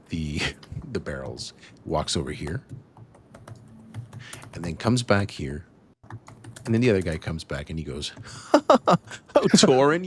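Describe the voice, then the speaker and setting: A man's voice: very deep voice, a little hiss or hum. A man narrating as dungeon master, in a loose, filler-heavy style. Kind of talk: narrating a tabletop game.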